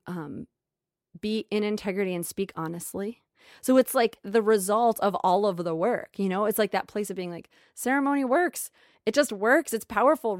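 A woman's voice: mid-range voice, dry recording, studio quality. Earnest woman musing on spiritual growth. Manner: earnest, emotional, repeats phrases, often soft and slow. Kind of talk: reflective spiritual monologue.

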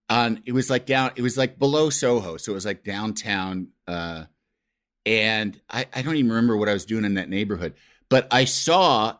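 A middle-aged man, a talk show sidekick, telling rambling stories in casual chat, swearing freely. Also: medium pitch. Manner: animated, rambling, swears freely, lots of fillers.

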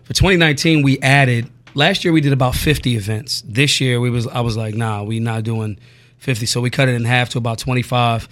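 A man with a Philadelphia accent, a guest talking casually about teaching gun safety classes, relaxed and rambling with fillers. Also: mid-range voice, fast, few pauses. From North Philadelphia. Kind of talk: casual interview chat.

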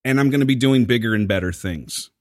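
A man's voice: medium pitch, fast talker, no echo, clean studio sound. A man co-hosting a podcast in casual chat, bantering with boastful, joking asides. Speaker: podcast co-host.

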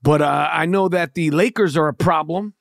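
A man's voice: a little high, moderate pace, gravelly, no room sound, clean studio sound. A man with a New York accent hosting a podcast, ranting heatedly with lots of profanity and stammered restarts. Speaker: podcast host. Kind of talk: casual monologue rant.

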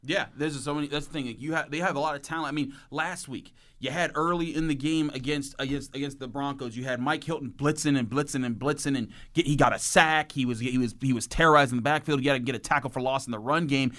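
A man guest analyst on a sports talk show, talking casually and excitedly, with his pitch jumping up when he describes plays. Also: quick pace, hardly any pauses. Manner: animated, excitable, jumps in pitch when telling a play.

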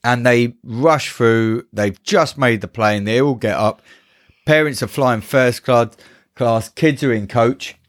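A man casually recapping a film plot as a podcast co-host, acting out characters' lines in quick voices. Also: medium pitch.

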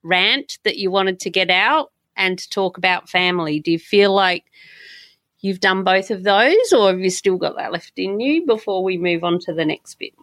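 A woman hosting a casual interview over beers, relaxed and laughing along. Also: mid-range voice, moderate pace. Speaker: podcast host.

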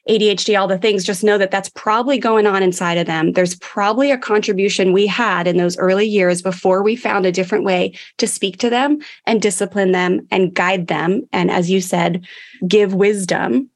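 A woman hosting a parenting podcast in an easy, conversational way. Her voice sits at a medium pitch, and she sounds reassuring as she recaps and lists points for listeners. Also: steady tone, normal speed. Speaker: podcast host. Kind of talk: casual parenting podcast chat.

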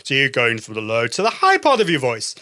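A man hosting a podcast episode as a voice coach, talking listeners through warm-up exercises in an encouraging, demonstrative way. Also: huge pitch swings, brisk, no room sound, studio quality. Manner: encouraging, demonstrative, shifts pitch for examples. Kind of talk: instructional podcast talk.

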